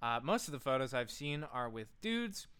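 A man's voice: medium pitch, sing-song, moderate pace, fairly bright tone, smooth. A man co-hosting a comedy podcast, reading facts from notes and breaking into laughter. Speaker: podcast co-host.

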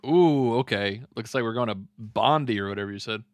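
A man's voice: mid-range voice, no echo, clean studio sound. A young man co-hosting a casual comedy podcast, laughing often and tossing out profane jokes. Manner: laughs often, swears, quick joking asides. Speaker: podcast co-host.

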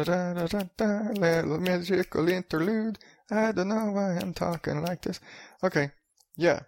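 A man's voice: mid-range voice, creaky, no echo, studio quality. A man in his thirties hosting a solo podcast, ranting and rambling with a lot of swearing. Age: 30s. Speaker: podcast host.

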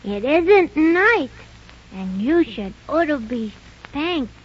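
A woman's voice: high-pitched, big pitch swings, takes it slowly, a little hiss or hum, heavily acted. A woman voicing an earnest young boy who politely scolds others, in 1930s radio drama style. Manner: scolding, earnest, bright child-like delivery. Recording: muffled old radio recording.

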